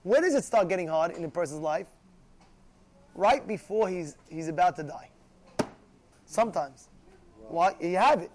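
Man, high voice, animated religious class talk, acts out voices, keeps checking in with listeners. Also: moderate pace, long pauses. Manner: animated, acts out shouting voices, asks "you know?" often. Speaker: rabbi teaching a class. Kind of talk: Torah class sermon.

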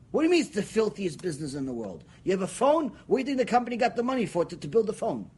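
A rabbi delivering a Torah lecture in a husky, high-pitched man's voice. He argues emphatically and piles up rhetorical questions, his pitch swinging widely. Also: big pitch swings, racing, hardly any pauses, a little mellow. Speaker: rabbi teaching Torah ethics.

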